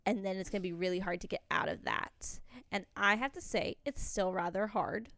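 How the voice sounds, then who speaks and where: A woman's voice: medium pitch, normal speed, a bit bright, dry recording. A young woman co-hosting a podcast, talking candidly and rambling a little, with frequent laughs. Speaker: podcast co-host. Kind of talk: casual chat.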